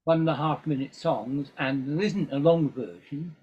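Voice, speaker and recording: Here an older man from England, a guest musician, talks in a slightly rough, somewhat high voice at a moderate pace. His relaxed interview chat meanders, peppered with ums and restarts, captured on a dull lo-fi recording.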